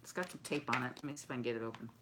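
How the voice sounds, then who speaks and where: A woman's voice: rumbling low, racing, noisy background. A woman, chatting casually and effusively to her viewers while unboxing gifts they sent her. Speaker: craft and decor vlogger.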